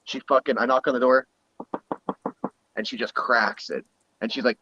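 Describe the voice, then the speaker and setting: A man's voice: medium pitch, unhurried, a little hiss or hum. Heated profane man on lo-fi audio. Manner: profane, heated, animated storytelling. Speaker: guest streamer. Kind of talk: casual storytelling. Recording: muffled lo-fi audio.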